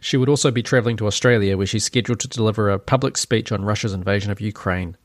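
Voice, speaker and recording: A man's voice: lowish voice, fast talker, no echo, studio quality. Sarcastic New podcast man. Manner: sarcastic, opinionated, rambling. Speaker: podcast host. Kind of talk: solo opinion commentary.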